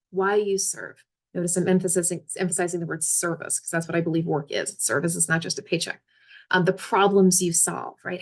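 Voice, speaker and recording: A woman presenting a career webinar as a resume coach, talking casually and checking in with her listeners often. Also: fairly low pitch.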